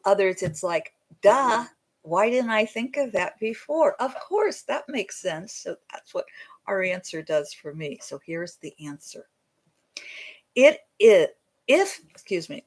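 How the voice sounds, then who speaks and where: Older lady in her 70s, psychic host, soft heartfelt talk into a desk mic, a bit low-pitched. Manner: earnest and tender, sometimes self-deprecating. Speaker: psychic medium hosting a weekly show. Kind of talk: heartfelt livestream talk, reading channeled answers. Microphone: desk microphone.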